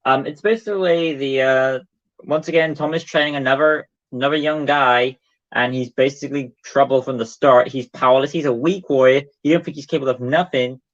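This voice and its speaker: A man's voice: mid-range voice, fairly even intonation, a little fast. Young guy rambling on a casual stream, lots of ums, kinda dull lo-fi sound. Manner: rambling, hesitant, many fillers. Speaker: co-host ranking books. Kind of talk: casual livestream chat. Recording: dull lo-fi audio.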